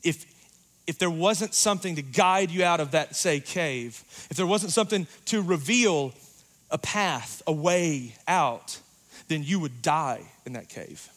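A man preaching a sermon in a church, talking casually and joking, going loud and then quiet for emphasis. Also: on the high side, a little slow. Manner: conversational, joking, rises and drops in volume for emphasis.

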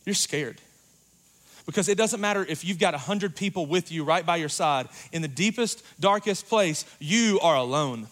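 A man preaching a sermon in a church, talking casually and joking, going loud and then quiet for emphasis. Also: fairly high pitch, lively intonation, normal speed. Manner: conversational, joking, rises and drops in volume for emphasis.

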